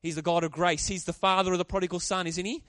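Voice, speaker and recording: A man preaching a sermon, animated and calling out to the congregation for responses. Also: high voice, quick pace, smooth, dry recording, clean studio sound. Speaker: pastor.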